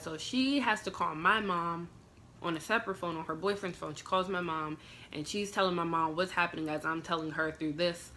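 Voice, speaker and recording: Lower-voiced young woman telling a storytime. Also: normal speed, pushed and bright, a little hiss or hum. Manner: emotional retelling, full of "like" fillers. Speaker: vlogger. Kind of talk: storytime vlog.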